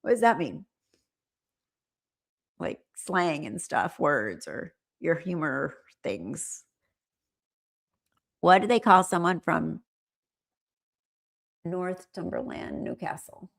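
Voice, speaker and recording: Woman, middle-aged, from California, live stream host, casual rambling chat, lowish voice. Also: lively intonation, takes it slowly, gravelly, long pauses. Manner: chatty, rambling, laughs often. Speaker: livestream host.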